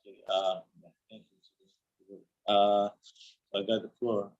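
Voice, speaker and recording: Halting male student on a lo-fi call. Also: fairly low pitch, flat delivery, darkish tone. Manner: halting, searches for words, many restarts. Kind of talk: speaking practice in an online class.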